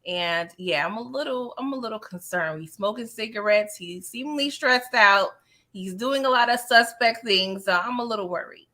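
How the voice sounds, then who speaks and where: A woman co-hosts a live recap stream with a bright, forward tone. She speaks softly and evenly, offering short replies and calm opinions. Her pitch sits a little high. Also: normal speed. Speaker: co-host. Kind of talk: casual live recap chat.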